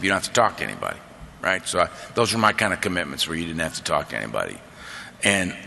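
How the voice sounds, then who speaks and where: A man speaking at a convention, telling his recovery story in a lively, conversational way, peppering his talk with "man" and "right?". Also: lowish voice. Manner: animated, conversational, drawling asides of "man" and "right?". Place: large convention hall. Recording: long hall reverb.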